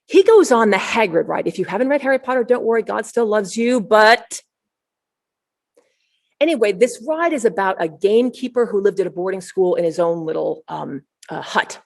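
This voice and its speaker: A woman preacher giving a storytelling sermon at an online service, building to excited, near-shouted peaks. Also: medium pitch, moderate pace, vocal fry. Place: online service, shared screen.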